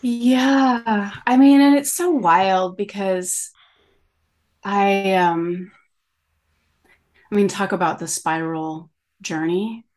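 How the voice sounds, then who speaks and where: A middle-aged woman, a coach talking as a podcast guest in an animated, rambling way, full of "like" and "you know". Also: mid-range voice, takes it slowly, long pauses. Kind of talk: conversational interview.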